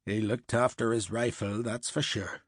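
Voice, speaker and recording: A man's voice: fairly low pitch, fairly even intonation, normal speed, husky, dry recording, clean studio sound. A man doing a burly Irish soldier. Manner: plain-spoken, wistful.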